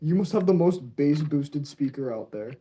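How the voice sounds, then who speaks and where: A young man streaming his model railway layout in casual commentary, excitable and prone to yelling at the trains. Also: fairly high pitch, normal speed. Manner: excitable, yells at toy trains.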